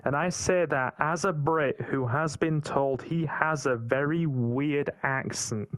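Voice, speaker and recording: A man's voice: fairly high pitch, takes it slowly, no echo. A British man talking casually in a podcast roundtable, rambling and often repeating words as he thinks. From Britain.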